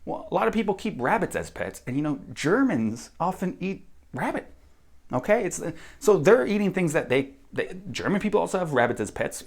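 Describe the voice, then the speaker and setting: A man's voice: on the high side, vocal fry. An American man giving a blunt, profane opinion monologue as a vlogger. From United States.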